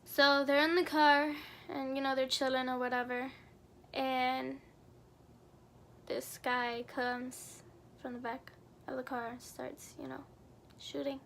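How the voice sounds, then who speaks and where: A woman's voice: high voice, little pitch movement, slow, gravelly, a bit bright, a little hiss or hum. A young adult woman vlogger telling a personal story in an earnest, somber way, full of casual fillers. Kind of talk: storytime narration.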